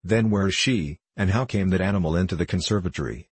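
A man's voice: fast, husky, no room sound. A man voicing a blustering, indignant old colonel. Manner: booming, indignant. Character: blustering military colonel, angry husband.

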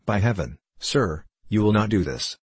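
A man's voice: on the low side, lively intonation, moderate pace, slightly rough, no room sound. A man voicing a distraught young man who pleads earnestly to protect his mother. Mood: pleading.

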